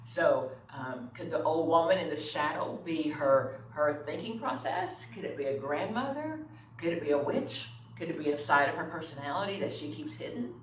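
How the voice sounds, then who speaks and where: A middle-aged woman instructor lectures in a relaxed, conversational way, checking in with her listeners as she goes. She sits far from the microphone in a roomy, echoing space. A faint hum of room noise runs underneath. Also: low-pitched, moderate pace. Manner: conversational, checks in with "okay?" and "right?". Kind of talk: classroom lecture.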